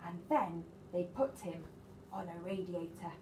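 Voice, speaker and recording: A woman, a nursery teacher reading a picture book to young children in an animated, sing-song way and asking them questions. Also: medium pitch, unhurried, very noisy. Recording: echoey room, faint ambience.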